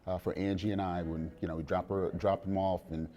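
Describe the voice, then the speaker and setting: A middle-aged man, the father of a young player, talking in a relaxed sit-down interview with many fillers and restarts. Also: sits low, fairly quick, highs cut off, a little hiss or hum. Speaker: interview guest, father of a college quarterback.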